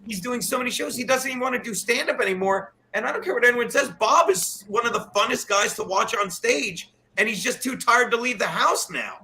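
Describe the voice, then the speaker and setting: A man guest on a casual podcast, rambling and swearing, getting loud when worked up, calling in remotely from home. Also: very high voice, brisk, few pauses, a little hiss or hum, rough recording. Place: at home, says he is in the shower.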